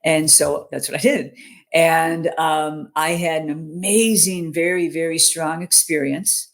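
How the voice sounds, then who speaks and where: A woman's voice: low-pitched, fairly even intonation, a little slow. Earnest woman telling her story on a call. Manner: earnest, peppers talk with "you know", "okay?" and "right?". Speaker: interview guest, mental fitness coach. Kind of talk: personal storytelling in a conversational interview.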